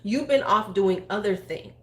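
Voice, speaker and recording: Outspoken woman in her forties doing blunt beauty chat; mid pitch, roomy echo. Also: moderate pace. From United States. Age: 40s. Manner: blunt, profane, rambling. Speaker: beauty YouTuber. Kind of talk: casual opinion chat.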